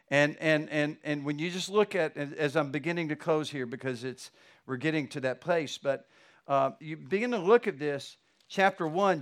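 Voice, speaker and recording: Fervent high-voiced male pastor preaching. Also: a bit bright. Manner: fervent, building to emphatic exhortation. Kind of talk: sermon.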